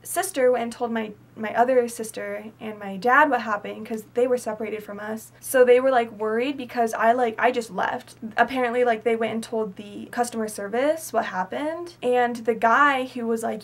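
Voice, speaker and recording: A woman's voice: on the high side, fairly even intonation, moderate pace, few pauses. A teenage girl telling a story in a casual, chatty way, full of fillers and emphasis. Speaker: vlogger.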